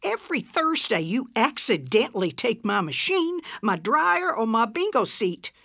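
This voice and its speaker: A woman voicing a feisty elderly woman in her seventies who fires back sharp, indignant retorts in a storybook. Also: a little high, sing-song, a little slow, gravelly, no room sound, studio quality, pitched above the performer's own voice, exaggerated voice. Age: 70s. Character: feisty elderly woman, quick-tongued and prickly.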